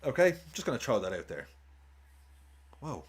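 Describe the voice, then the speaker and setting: A man's voice: on the low side, lively intonation, moderate pace. A man streaming a live football watchalong, chatting casually, swearing, cheering goals and thanking viewers for tips.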